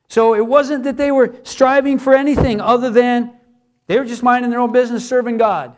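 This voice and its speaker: Pastor guy preaching, really high voice, earnest, hammers words over and over. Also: a little fast. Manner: earnest, repeats words for emphasis. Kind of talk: sermon.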